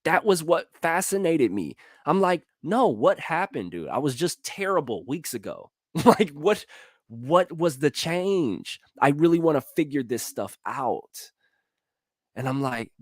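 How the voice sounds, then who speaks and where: Animated male motivational speaker, slangy and repetitive, pitch swings wide, dry close recording. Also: takes it slowly, breathy edge, dry recording. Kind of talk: energetic motivational monologue.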